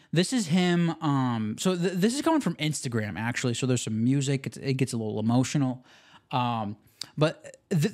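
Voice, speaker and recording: A young man hosting a podcast, talking in an excitable, slangy way full of "like" and "dude". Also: mid-range voice. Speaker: podcast host. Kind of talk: casual podcast commentary.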